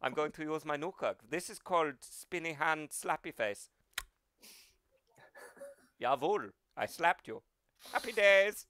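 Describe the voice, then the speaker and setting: A man's voice: a little high, lively intonation, unhurried, pauses often, bright, forceful tone, no room sound, studio quality. A man voicing a silly, light-voiced male villain with a put-on German accent, rambling goofily. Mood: mock-evil. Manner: goofy, rambling.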